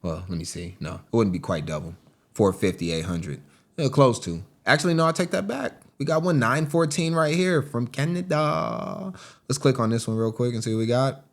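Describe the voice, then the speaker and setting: A man, a gaming vlogger, chatting casually to viewers as "team" while walking through listings on screen, with excitable bursts. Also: medium pitch, moderate pace. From United States. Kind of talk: casual screen-recording commentary.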